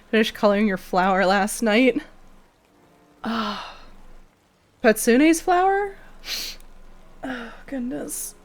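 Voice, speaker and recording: A young woman streaming live, chatting casually with viewers, swearing freely and thanking them by name. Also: mid-range voice.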